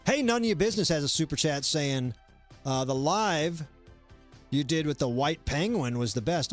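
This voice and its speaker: A man's voice: fairly high pitch, lively intonation, normal speed, faint music behind. Rambling man hosting a comedy stream. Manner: rambling, many fillers and restarts. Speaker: comedy show host. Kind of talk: casual live-stream chat.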